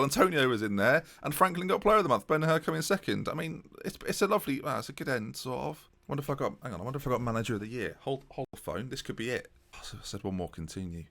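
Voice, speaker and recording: Chatty man narrating his game. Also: mid-range voice. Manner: chatty, animated, self-mocking. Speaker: gaming YouTuber. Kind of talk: casual game commentary.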